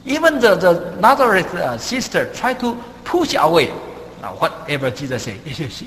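Male preacher, halting delivery full of fillers, very lively pitch, long hall reverb. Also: a little hiss or hum. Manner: halting, many "uh" fillers, non-native grammar; rises sharply in pitch and volume for emphasis. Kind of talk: sermon.

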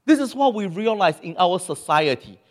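A man preaching a sermon in animated style, acting out quoted voices and speaking with non-native grammar. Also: sits high, moderate pace, in a large hall.

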